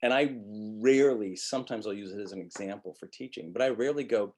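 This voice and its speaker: Husky, blunt-talking male acting teacher. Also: lowish voice. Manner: blunt, profane, animated, acts out quick quotes. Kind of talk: webinar lecture.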